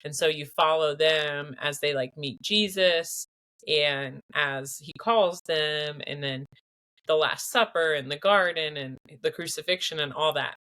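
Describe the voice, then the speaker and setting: A woman's voice: low voice, a little slow, bright, forceful tone. A woman hosting a podcast interview, talking in an enthusiastic, chatty way. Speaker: podcast host. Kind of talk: casual interview.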